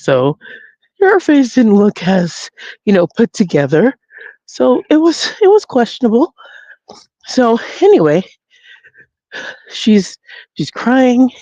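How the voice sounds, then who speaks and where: A woman's voice: fairly low pitch, dark tone, no echo. Casual female vlogger, outdoors on foot, chatty storyteller who acts out the voices; mid-range voice, dry and slightly muffled audio. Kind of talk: casual spoken vlog. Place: outdoors, walking. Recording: dull lo-fi audio.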